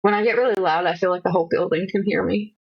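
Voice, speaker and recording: A woman's voice: lowish voice, fast, breathy edge, lo-fi sound. A young woman streaming from home, chatting in a rambling, self-conscious, jokey way. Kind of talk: casual live-stream chat. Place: home room.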